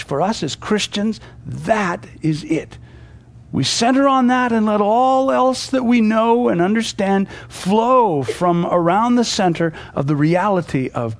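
Preacher man, rising and dropping to hushed. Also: on the high side. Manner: swings between forceful peaks and hushed, quiet passages. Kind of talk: sermon.

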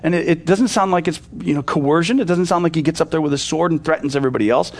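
A man teaching a sermon in a loose, conversational way, full of "you know" and restarts, growing animated as he retells a story. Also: a little high, fast. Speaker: pastor.

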